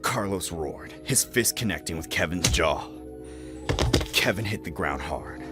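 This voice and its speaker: A man narrating a scripted horror story with dramatic, expressive storytelling. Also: low voice, a little slow, faint music behind.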